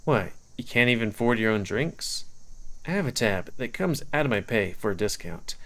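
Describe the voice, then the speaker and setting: A man's voice: lowish voice, lively intonation, normal speed, fairly bright tone. A man voicing a guarded, terse young man who answers grudgingly, reading a visual novel aloud. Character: guarded young male narrator, terse and defensive.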